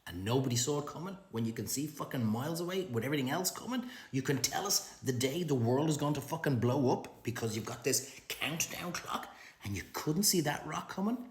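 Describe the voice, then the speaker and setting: A middle-aged Irish man delivering a profane comic rant to camera, ranting in an animated, swearing way. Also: fairly quick. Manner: profane, animated ranting with big pitch swings. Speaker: social media comedian. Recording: roomy echo.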